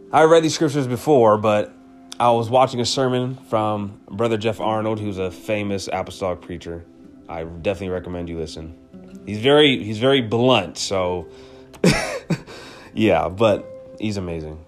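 A man hosting a devotional podcast episode, speaking earnestly and with emotion, repeating key phrases for emphasis. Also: lowish voice. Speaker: podcast host.

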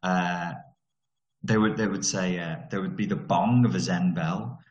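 This man sits low in pitch, with fairly even intonation and an unhurried pace, on a lo-fi recording with roomy echo. A vlogger from Merseyside, England, he rants in monologue form, sweary, blunt, and sarcastic, dropping into mocking voices.

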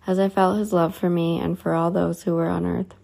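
A woman's voice: fairly low pitch, level tone, brisk, gravelly, mellow. A woman reading a religious book aloud in an earnest, pleading way.

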